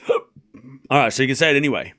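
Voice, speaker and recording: A man's voice: medium pitch, lively intonation, normal speed, bright, forceful tone. Chatty man calling tennis on a stream. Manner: chatty and self-mocking, stumbles over names. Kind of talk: casual play-by-play watchalong commentary.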